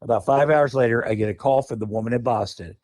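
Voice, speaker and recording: A man's voice: medium pitch, quick pace, darkish tone, no room sound, clean studio sound. A man who is a podcast guest, telling a wild story in a loose, profane way and laughing mid-sentence. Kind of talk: casual anecdotal storytelling.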